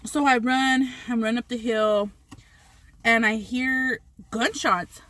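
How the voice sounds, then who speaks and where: A woman's voice: a little high, steady tone, slow, a bit bright, a little hiss or hum. A woman vlogger telling a story while eating on camera, rambling with many restarts and swearing freely.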